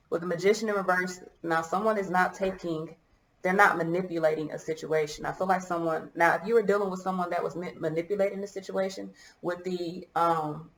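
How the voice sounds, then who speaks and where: A woman's voice: on the low side, creaky, reverberant, rough recording. A woman giving a casual tarot reading to her viewers, musing and hesitant as she thinks aloud, choked up and coughing at times. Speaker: tarot reader.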